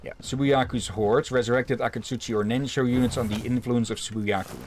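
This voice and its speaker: A man's voice: mid-range voice, steady tone, a little fast, slight background noise. A man casually chatting with friends while streaming a game, reading its text aloud and swearing now and then. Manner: rambling, swears casually, many fillers.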